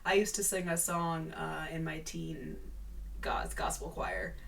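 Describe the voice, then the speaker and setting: A woman's voice: sits low, a little slow, vocal fry, fairly bright tone, distant mic, slight background noise, rough recording. A young adult woman vlogging in a casual, bubbly, rambling way, full of "like" and asides. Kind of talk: casual chatty monologue.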